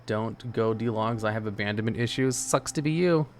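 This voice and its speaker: A man's voice: on the low side, moderate pace, a little hiss or hum. Laid-back rambling male streamer. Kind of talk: casual chat while gaming, answering chat.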